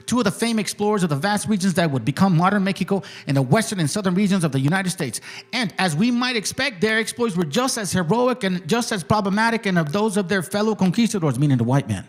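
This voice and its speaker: Brief: profane, swaggering male host, higher-pitched voice, arguing hard on a stream and reading text aloud. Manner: claims he talks like this without getting mad. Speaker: channel host. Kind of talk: heated livestream argument, reading passages aloud.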